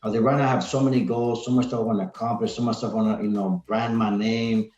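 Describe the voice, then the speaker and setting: A man's voice: lowish voice, fairly even intonation, fast talker, a little mellow, faint music behind. A man, a podcast guest, chatting casually and energetically, rambling with lots of "like" and "man". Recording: roomy, dull lo-fi sound.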